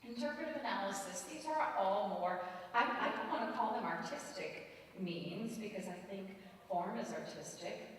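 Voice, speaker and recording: A woman from Michigan giving a lively, joking choral conducting workshop lecture at a conference. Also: medium pitch, recorded from a distance, slight background noise. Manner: lively, joking, animated storytelling. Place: conference hall. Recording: roomy hall, voice from afar.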